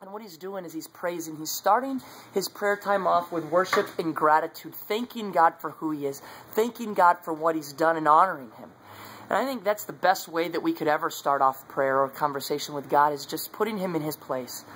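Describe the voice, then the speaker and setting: A man's voice: on the high side, fairly quick, fairly bright tone, a little hiss or hum, rough recording. Earnest man giving a casual devotional talk. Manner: earnest, conversational, many fillers. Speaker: vlogger sharing faith. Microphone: phone.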